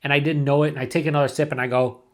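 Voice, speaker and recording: A man talks through a beer review in a casual, thinking-aloud way, circling back and restarting his sentences. His voice sits a little above the usual pitch for a man. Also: level tone, very fast.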